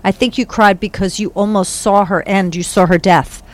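A woman giving a casual spiritual reading, animated and laughing, slipping into playful voices. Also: mid-range voice, moderate pace. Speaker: psychic reader.

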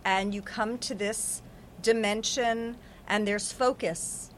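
A woman's voice: mid-range voice, steady tone, slow pace, slight background noise. A woman giving an earnest, affirming spiritual reading on a podcast, with lots of repetition. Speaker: psychic reader.

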